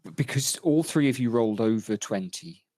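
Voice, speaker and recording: A man narrating as game master of a tabletop game, measured and thoughtful, with frequent ums. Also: medium pitch, lively intonation, dark tone, no echo.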